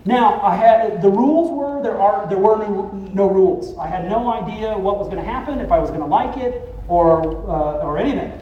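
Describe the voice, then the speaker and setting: A man giving a casual conference presentation, loose and profane, with many filler pauses, heard from a distant mic in a roomy hall. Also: high-pitched, dark tone, dull audio, slight background noise.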